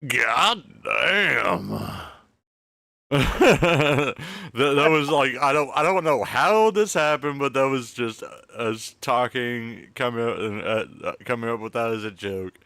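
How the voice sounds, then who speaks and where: A man's voice: medium pitch, normal speed, few pauses, a bit bright, clear, resonant tone, dry recording, studio quality. A man hosting a casual late-night podcast from home, rambling and stammering, swearing a lot as he tells a story. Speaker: podcast host. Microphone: close mic.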